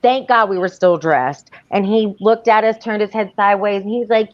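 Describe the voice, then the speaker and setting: A woman chatting casually on a panel, animated and laughing as she talks. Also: medium pitch, moderate pace. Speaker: panel guest. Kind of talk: casual chat. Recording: dull lo-fi audio.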